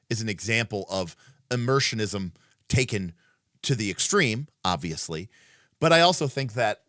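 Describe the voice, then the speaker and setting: A man's voice: on the low side, sharp tone, no room sound, studio quality. A man hosting a casual livestream who thinks aloud, with many fillers and restarts, in an emphatic, opinionated way. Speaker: livestream host.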